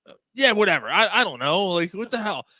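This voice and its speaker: A man doing a gruff, blunt old dock worker who waves people off. The voice is brusque and dismissive, set noticeably higher than his own. The room is dry and close. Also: very animated, fast talker, bright, forceful tone, no room sound, exaggerated voice.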